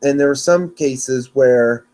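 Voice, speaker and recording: A man's voice: medium pitch, slow pace, mellow. A man hosting a weather podcast on his own, talking casually and rambling, often restarting and correcting himself, a little sleepy. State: yawning, sleepy. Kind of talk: casual solo podcast talk.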